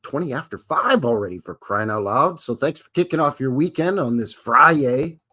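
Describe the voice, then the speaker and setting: A man's voice: mid-range voice, lively intonation, normal speed, bright, forceful tone, breathy edge. A Canadian man hosting a live stream, casually chatting and reading aloud with rambling, jokey asides.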